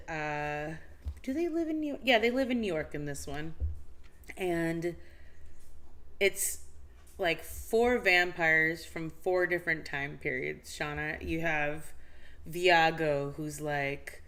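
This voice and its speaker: Woman, casual live-stream chat, animated storyteller, slightly low pitch, filler-heavy. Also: slow. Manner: animated storytelling, acts out scenes with high squeals and laughs; many fillers and restarts. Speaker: podcast co-host.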